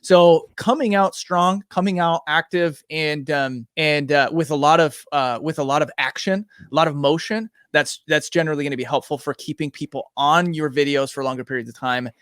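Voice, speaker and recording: Male co-host, relaxed and halting, higher register, dry close mic. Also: clean tone, no room sound. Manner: loose, halting, many "like" fillers. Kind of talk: casual podcast chat.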